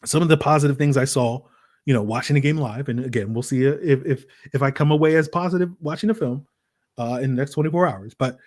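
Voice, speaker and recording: A man hosting a solo sports podcast, talking in an animated, rambling way with lots of fillers and rhetorical "right?" questions. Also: medium pitch, quick pace. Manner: acts out voices in quoted asides. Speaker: podcast host.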